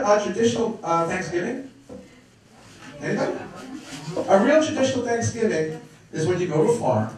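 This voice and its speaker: A middle-aged man doing a wisecracking stand-up set, working the crowd. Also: high voice. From Brooklyn, New York. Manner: brash, wisecracking, crowd work. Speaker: stand-up comedian. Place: comedy club stage. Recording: echoey club from far off.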